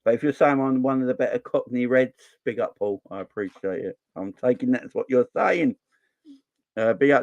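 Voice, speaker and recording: A man in his forties from southern England hosts a fan channel's casual live stream, chatting back to viewer comments. His voice is lowish, and the recording is dry and dull.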